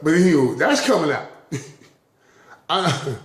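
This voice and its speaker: A man's voice: on the high side, expressive, slow. A man giving a rambling, casual spiritual talk to camera, chuckling often between phrases. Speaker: vlogger. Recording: roomy echo.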